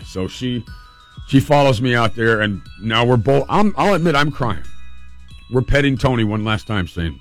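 A man recounts a personal story with earnest, emotional vividness, his voice at a middling pitch. Faint music plays softly underneath. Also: animated, normal speed.

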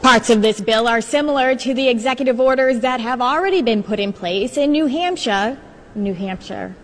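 A woman's voice: sits high, fairly quick, big-room sound. A woman reporter with a Boston accent, recording a news stand-up on location.

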